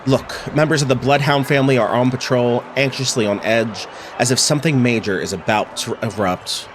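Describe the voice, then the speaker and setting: A man's voice: mid-range voice, brisk, noisy background, natural voice. A man reading a sly, polished journalist. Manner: polished, teasing, theatrical. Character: smooth, sly investigative journalist.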